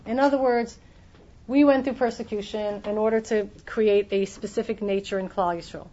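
A woman's voice: mid-range voice, steady tone, normal speed, warm tone. A woman giving a Torah class in an explanatory way, often restarting her sentences, on a dull lo-fi recording. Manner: explanatory, many restarts, acts out quoted voices. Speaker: teacher.

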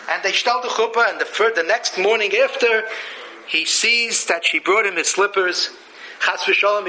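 A man teaches Torah, weaving chanted verses into humorous stories. His voice sits high and sounds sharp and forceful. A faint hum of the room lies under his voice. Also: rough recording. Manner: Yiddish-laced, chanting Hebrew verses, jokey asides. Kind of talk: Torah lecture with storytelling.

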